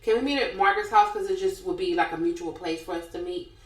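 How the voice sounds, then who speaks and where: A woman's voice: lowish voice, fast, echoey room, poor audio. A woman co-hosting a podcast, retelling reality TV gossip in casual chat and acting out what each person said. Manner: animated storyteller acting out quotes. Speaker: podcast co-host.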